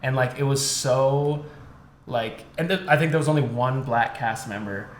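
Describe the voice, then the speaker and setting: A man's voice: mid-range voice, moderate pace. Co-host, young man, loose rambling delivery, swears freely, roomy echo with faint hiss. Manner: rambling, heavy filler words, swears casually. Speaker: podcast co-host. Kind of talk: casual chat. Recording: echoey room with faint noise.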